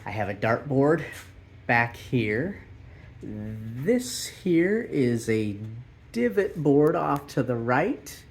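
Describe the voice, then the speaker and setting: Slow, halting man touring his golf shed. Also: medium pitch, very animated. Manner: halting, many fillers and restarts. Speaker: golf vlogger. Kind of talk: casual home tour. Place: backyard golf simulator shed.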